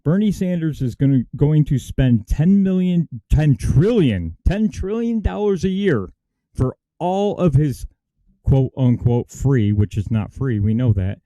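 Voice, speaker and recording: Brief: male co-host, very dark mellow tone, dry close sound, emphatic and indignant. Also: fairly high pitch, expressive, unhurried, dry recording, muffled recording. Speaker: talk show co-host. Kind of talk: casual political talk.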